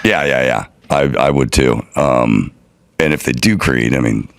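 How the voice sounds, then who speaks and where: A man's voice: extremely low pitch, measured pace, dry recording. A man co-hosting a casual chat, telling stories about himself with dry, self-mocking humor.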